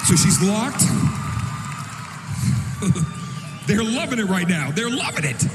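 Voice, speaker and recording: A man performing a stand-up comedy routine, loud and animated, often shouting his punchlines. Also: high voice, slow, over music, crowd noise. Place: large comedy venue on stage. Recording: live stand-up clip, echoey hall, audience noise.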